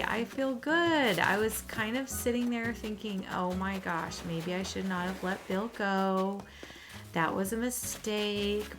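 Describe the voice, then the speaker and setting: A woman hosting a casual video game vlog, talking excitedly and chatting straight to her viewers. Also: medium pitch. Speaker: gaming channel host. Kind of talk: casual gameplay commentary. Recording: background game music.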